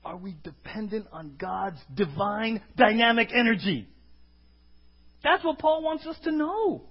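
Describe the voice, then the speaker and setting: List: male pastor, emphatic sermon, call-and-response questions, high pitched, dull lo-fi recording. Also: animated, a little slow, slightly rough.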